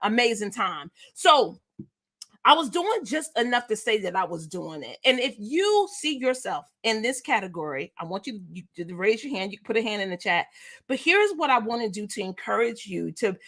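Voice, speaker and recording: A middle-aged woman giving an energetic, preachy motivational talk as a business coach and speaking directly to her live chat. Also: medium pitch, normal speed.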